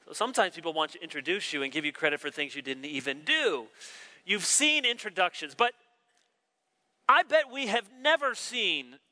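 Male pastor, very bright and sharp tone, smooth clear delivery, measured sermon with dry wit. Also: a little high. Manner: measured, emphatic scripture reading with dry humor.

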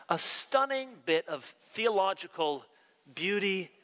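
A man preaching a sermon, animated, acting out the quoted dialogue of his story. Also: high-pitched, slow pace. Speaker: pastor. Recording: long reverb of a large hall.

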